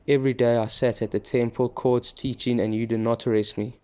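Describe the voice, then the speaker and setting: A man reading the words of Jesus, a calm male teacher, in a steady, even reading voice. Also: mid-range voice, brisk, clean tone, lightly acted.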